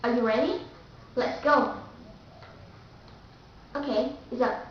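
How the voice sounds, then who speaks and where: Vietnamese-accented female teacher, high voice, careful drills, far off in a muffled, echoing room. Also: animated, a little hiss or hum. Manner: careful, repeats example words slowly. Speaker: English pronunciation teacher. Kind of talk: pronunciation lesson. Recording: echoey, distant, dull mic.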